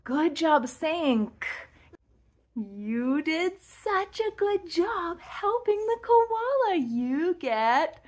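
A young woman leads a toddler speech lesson in a bright, high voice that swoops up and down. She speaks very slowly and stresses each sound with care. She pauses often so the child can repeat after her. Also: very animated. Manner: sing-song, over-articulated, with pauses for the child to repeat.

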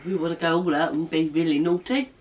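A woman's voice: deep voice, fairly even intonation, quick pace, a little mellow. A middle-aged woman hosting a home baking video, chatting casually and laughing often. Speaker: cooking vlog host.

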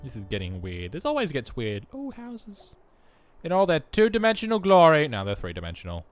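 Lively man rambling over gameplay. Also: on the high side, fairly quick, soft background music. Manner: rambling, self-mocking, jokey asides. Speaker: gaming commentator. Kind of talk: let's play commentary. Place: alone in his own room.

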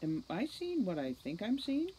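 A woman voicing a stern male elf police commander who barks orders forcefully. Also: mid-range voice, wildly swooping pitch, moderate pace, slight background noise, pitched above the performer's own voice, low-quality recording. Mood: tense.

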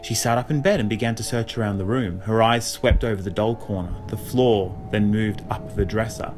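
A man reading a spooky children's story aloud as narrator, expressive with dramatic pauses. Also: on the low side, over music. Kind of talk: audiobook reading.

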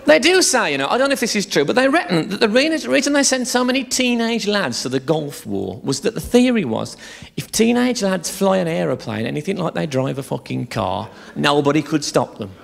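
Lively bawdy stand-up comedian man. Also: high-pitched, a little fast, creaky. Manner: bawdy, swearing, chatty storytelling. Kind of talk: live stand-up routine. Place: theatre stage, live show.

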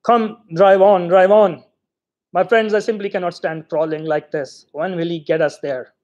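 A man voicing an irritable male hunchback reveler with a cracked voice, loud and bossy. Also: high voice, steady tone, normal speed, muffled recording, close to an everyday voice. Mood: impatient, jeering. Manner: bossy, shouting, abusive.

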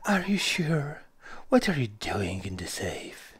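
A drowsy child woken in the night, speaking in a soft, hushed voice, as a woman puts it on. The lines come out slow and quiet, with a lively lilt in the pitch. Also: slightly rough, full character voice. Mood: sleepy.

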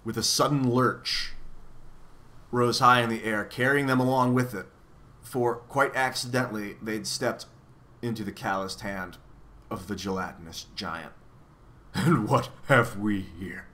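A man reading a children's novel aloud with expressive storytelling. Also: on the low side, measured pace. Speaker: reader.

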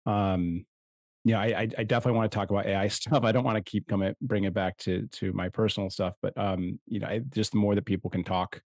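Low-voiced man, reflective and halting. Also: steady tone, a little mellow, no room sound, studio quality. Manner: reflective, halting, many restarts. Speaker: podcast co-host. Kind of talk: casual podcast chat.

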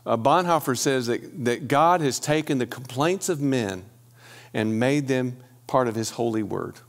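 A man delivers a sermon in a church, moving between scripture reading and plain, chatty explanation. His pitch sits in the middle range. He often checks in with the congregation and restarts his sentences as he talks. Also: unhurried. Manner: reads scripture aloud, then breaks off to explain it; conversational, with restarts and "okay?" asides to the congregation. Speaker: preacher.

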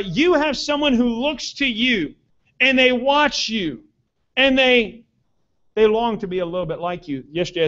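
A man's voice: sits high, dull audio. A man who is a pastor, preaching a sermon in a church with earnest emphasis that rises on his key points. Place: church sanctuary.

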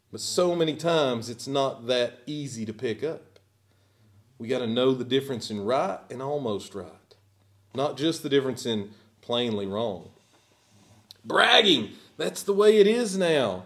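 Man preaching with lively pitch. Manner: emphatic, rising and falling preaching with bursts of volume. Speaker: pastor. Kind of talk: sermon. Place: church sanctuary.

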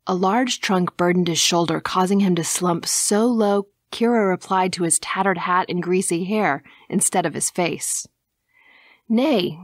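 A woman narrating an audiobook in a measured, even reading, dropping to a hush at times. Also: on the low side, dry recording, clean studio sound.

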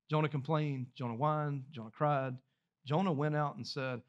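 A man's voice: a little high, steady tone, moderate pace, highs cut off. Man preaching a conversational sermon. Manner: conversational preaching with rhetorical questions to the congregation; repeats words and restarts phrases while speaking freely. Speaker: pastor. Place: church sanctuary.

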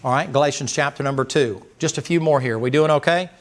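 A man's voice: medium pitch, quick pace. A man preaching a sermon as pastor, folksy and emphatic, firing rhetorical questions at the congregation.

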